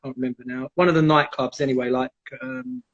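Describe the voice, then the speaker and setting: A man telling animated stories in a casual live chat and acting out the people in them. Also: mid-range voice, quick pace. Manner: animated, acts out quoted voices. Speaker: guest, jiu-jitsu black belt. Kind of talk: casual storytelling on a live stream. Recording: dull lo-fi live stream audio.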